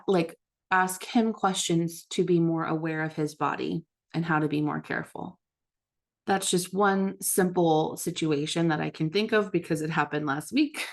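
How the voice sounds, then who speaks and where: A mother leading a book study, talking in a gentle, reflective, casual way about her own habits. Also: lowish voice. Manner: gentle, self-reflective, with occasional laughs. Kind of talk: reflective casual teaching talk.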